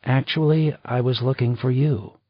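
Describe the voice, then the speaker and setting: A man's voice: medium pitch, steady tone, normal speed, breathy edge, no room sound, voice pushed up, natural voice. A man voicing a poised, chatty female travel writer in an audiobook reading. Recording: slightly dull dry recording.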